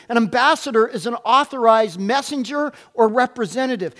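High-voiced man preaching slowly. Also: lively intonation. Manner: slow, deliberate, addresses listeners directly with questions. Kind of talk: sermon.

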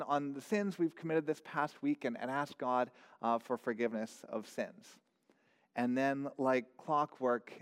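Male pastor preaching, earnest and searching, with a long hall reverb on the voice. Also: on the high side. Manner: earnest, repeats words, asks searching questions. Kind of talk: sermon.

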